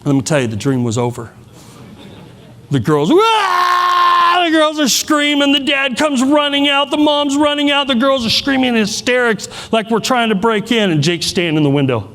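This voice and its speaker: A man's voice: very high voice, expressive, moderate pace, fairly bright tone, a little hiss or hum. Middle-aged male keynote speaker, candid and self-deprecating, with a long reverb from a large hall. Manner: candid, self-deprecating storytelling with many restarts. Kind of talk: personal storytelling keynote.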